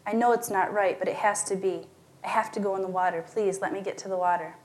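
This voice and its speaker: A woman voicing a distraught, frantic young woman who pleads in a rising, high pitch. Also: steady tone, fast talker, lightly acted. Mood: pleading.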